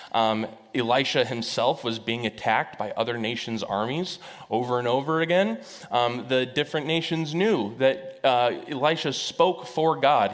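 A man preaching a sermon as a pastor, telling a Bible story in a loose, conversational way with frequent fillers. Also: medium pitch. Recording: echoey hall reverb.

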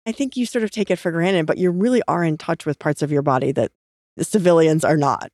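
A woman's voice: low-pitched, a little fast, a little mellow, no room sound, clean studio sound. A woman podcast host asking curious, hesitant questions in a casual interview.

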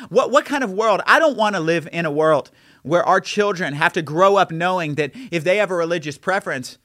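A pastor preaching an impassioned sermon, building intensity through repeated challenges. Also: male voice, high voice, lively intonation, brisk, a bit bright, no room sound, clean studio sound.

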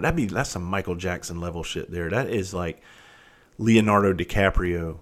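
A former police officer from South Carolina spins a profane, animated story in a casual monologue. His voice sits a bit low, and he swings between loud bursts and hushed asides. He talks like he is sharing a story with friends. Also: moderate pace.

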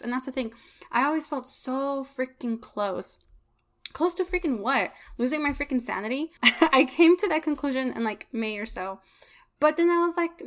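A woman's voice: a little high, normal speed. Frank, profane woman venting on a podcast. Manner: frank and heavily profane, frequent "like" fillers; emotional and confessional, venting frustration. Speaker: podcast host. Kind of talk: candid solo podcast monologue.

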